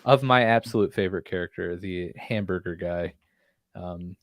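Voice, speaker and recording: Low-voiced man recapping a show. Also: moderate pace, dry recording. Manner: animated storyteller, acts out lines from scenes. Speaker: podcast co-host. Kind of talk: casual chat recapping a TV episode.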